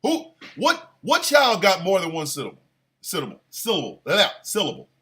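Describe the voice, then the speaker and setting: A man hosting a show, delivering a crude comedic rant with exaggerated, animated bursts of shouting. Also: high voice, moderate pace. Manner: crude, playful. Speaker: show host.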